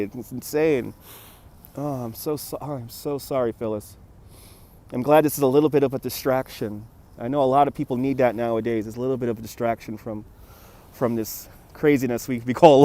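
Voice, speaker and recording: A man's voice: medium pitch, a little mellow. A man in his forties from New York hosts a live walking-tour stream, chatting casually and greeting viewers by name, recorded outdoors on a phone with traffic behind him. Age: 40s. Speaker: livestream walking-tour host. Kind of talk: casual livestream chat reading viewer comments. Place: outdoors by a city harbor. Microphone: phone on handheld gimbal.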